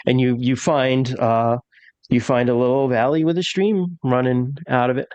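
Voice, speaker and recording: A man's voice: mid-range voice, fairly quick, clear, resonant tone, no echo. Male game master, rambly narration full of fillers, dead-dry recording.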